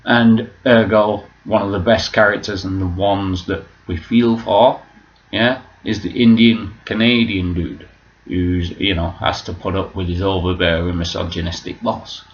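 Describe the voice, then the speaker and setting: A low-voiced man in a casual vlog, rambling loosely and swearing freely. The recording is dull and lo-fi. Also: steady tone, unhurried. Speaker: vlogger.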